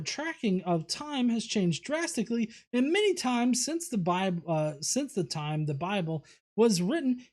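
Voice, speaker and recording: A man's voice: high voice, darkish tone. A man hosting a livestream, casually reading viewer comments aloud with many fillers and restarts. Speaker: host.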